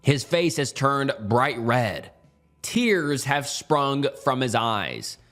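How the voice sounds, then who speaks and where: A man narrating a horror story in the first person with measured, somber delivery. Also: medium pitch, sing-song, a bit bright, faint music behind.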